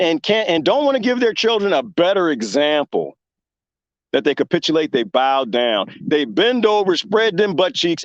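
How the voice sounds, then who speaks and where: Host, male, casual fired-up commentary, slightly higher pitch, close dry lo-fi recording. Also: no room sound. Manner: impassioned, rambling, with lively imitated quotes. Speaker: show host.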